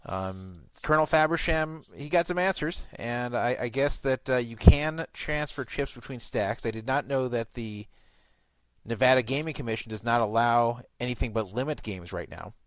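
A man hosting a casual talk show, chatting in a relaxed, rambling, wry way. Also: mid-range voice, normal speed, dry recording. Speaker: show host.

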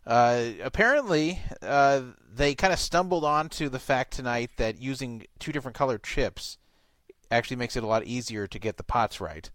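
A man hosting a casual talk show, chatting in a relaxed, rambling, wry way. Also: mid-range voice, normal speed, dry recording. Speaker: show host.

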